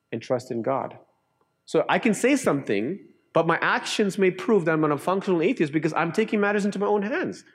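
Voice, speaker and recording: A middle-aged man from Canada preaches a sermon in a slightly higher voice than most men. He tells his stories with rising, lively energy. Then he drops low and quiet to drive a point home. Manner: earnest preaching that swings between lively raised storytelling and quiet, low emphasis. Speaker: pastor.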